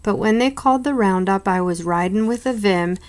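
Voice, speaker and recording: A woman's voice: medium pitch, moderate pace. Woman reading children's books aloud. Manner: unpolished, with small slips. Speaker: reader.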